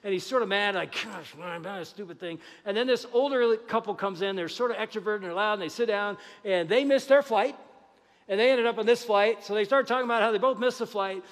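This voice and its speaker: Animated high-voiced male pastor preaching. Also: fast talker, big-room sound. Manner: animated, acts out dialogue with God. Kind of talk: sermon. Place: church sanctuary.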